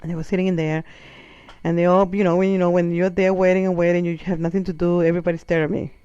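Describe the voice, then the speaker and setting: A man's voice: high-pitched, fast talker, smooth, no echo, dull audio. A man whose first language is not English, telling profane comic stories and acting out the voices of people in them. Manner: animated, profane, acts out quoted voices. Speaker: comedian. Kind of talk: comic storytelling monologue.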